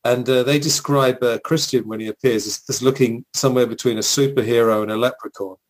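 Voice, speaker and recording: A man's voice: medium pitch, steady tone, a little fast, rough recording. A man with an English accent, co-hosting a podcast, telling long, nostalgic stories with plenty of fillers. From England. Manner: rambling, nostalgic storytelling with fillers. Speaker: podcast co-host. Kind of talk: casual chat.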